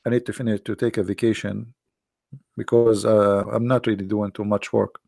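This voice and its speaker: Hoarse gravelly man chatting on a livestream. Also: fairly low pitch, little pitch movement, moderate pace, darkish tone, no echo, clean studio sound. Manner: teasing, laughs often, answers viewer questions. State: hoarse, voice strained and coughing. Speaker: livestream host answering chat. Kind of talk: casual livestream chat. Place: at home behind a computer.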